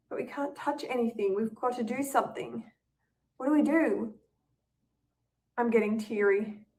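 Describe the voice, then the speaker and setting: A woman's voice: fairly high pitch, far from the mic. A young woman reading her own first-person story as a tense, anxious inner monologue. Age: young adult.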